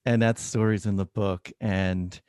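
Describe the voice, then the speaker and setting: Brief: low-voiced man, a doctor animatedly telling a story, dry recording. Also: a little slow, smooth, no echo. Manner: animated storyteller, acts out dialogue. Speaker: oncologist, guest. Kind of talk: personal storytelling in an interview.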